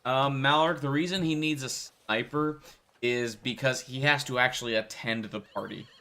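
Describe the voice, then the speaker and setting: A man running a tabletop role-playing session, narrating scenes and slipping into the characters. His voice is bright and forceful, at a middle pitch, relaxed and chatty. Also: moderate pace. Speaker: game master.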